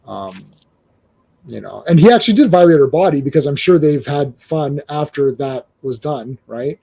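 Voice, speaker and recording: A man hosting a casual comic book discussion, animated, with stammering restarts and acted-out quotes. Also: on the high side, normal speed. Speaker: comic book show host.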